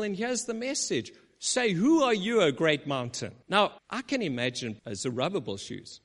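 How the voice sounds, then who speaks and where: A man preaching a sermon as pastor, animated and quoting scripture dramatically. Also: high voice. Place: church. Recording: long church reverb.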